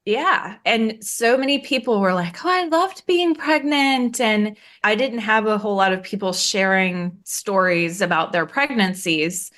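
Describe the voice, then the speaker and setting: A candid woman in her thirties talks through a personal story at an ordinary middle pitch. She is frank and plain-spoken, and her voice leaps up whenever she acts out what someone else said. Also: a little slow, few pauses, fairly bright tone. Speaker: guest.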